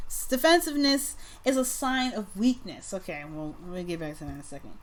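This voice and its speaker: A woman in the middle of a casual tarot reading, talking straight to the people watching. She speaks bluntly and swears freely. Her pitch sits in the middle, and she moves between quiet, thoughtful stretches and sudden loud bursts. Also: brisk, few pauses. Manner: lively, jumps between soft musing and loud outbursts. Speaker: tarot reader.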